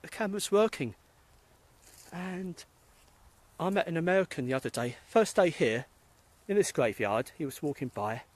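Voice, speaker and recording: A man's voice: on the high side, animated, moderate pace, long pauses, dry recording. A middle-aged British man, a spiritualist medium, chatting casually and rambling as he greets viewers by name during a phone live stream while walking outdoors through a cemetery. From England. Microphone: phone held while walking.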